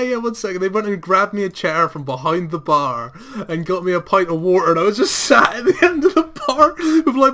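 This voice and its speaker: A man's voice: a little high, sharp tone. A young man bantering with a friend in casual, sweary chat.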